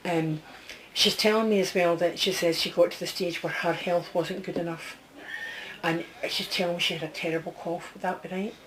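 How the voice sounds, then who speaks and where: Speaking at a moderate pace in a lowish, fairly even voice, this woman works as a medium in a private reading over background noise. She chats freely, relays messages, and often checks with the person she's reading for.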